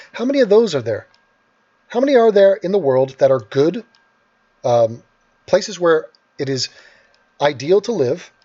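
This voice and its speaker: An angry man rants over clips, his voice pitched a little high and full of sarcasm and swearing. The recording is dull and lo-fi, as if from a cheap mic. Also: a little mellow, breathy edge. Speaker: host. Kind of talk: ranting commentary over video clips.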